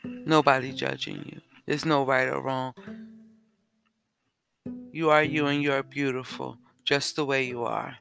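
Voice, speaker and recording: A man hosting a self-help podcast, talking slowly and repeating questions to the listener. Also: medium pitch, level tone, vocal fry, fairly bright tone, faint music behind. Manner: slow, repetitive, asks the listener questions. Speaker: podcast host. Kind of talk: reflective self-help talk.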